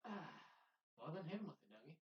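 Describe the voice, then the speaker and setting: A man's voice: on the high side, big pitch swings, fast talker. A young man from the US West Coast, co-hosting a podcast in casual comedic chat, laid-back and slangy. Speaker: podcast co-host. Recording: distant, dull lo-fi mic.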